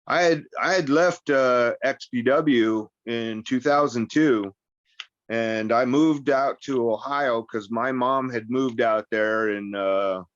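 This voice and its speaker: A man's voice: mid-range voice, dry recording. Rambling, profane male wrestler guest. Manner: rambling, profane, acts out quoted voices. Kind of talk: casual interview storytelling. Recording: slightly muffled, dry recording.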